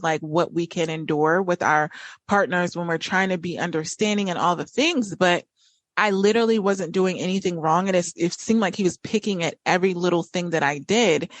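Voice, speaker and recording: A woman's voice: on the low side, no echo. Woman host telling a story. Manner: chatty, with many fillers and restarts. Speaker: podcast host. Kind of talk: casual personal storytelling.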